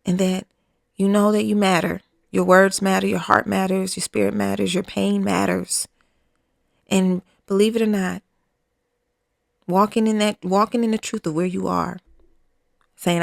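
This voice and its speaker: A woman podcast host leading a fervent spoken prayer, pleading and repeating herself, often dropping to a hushed, near-whispered delivery. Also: mid-range voice, level tone, a little slow, vocal fry, long pauses, no room sound, studio quality.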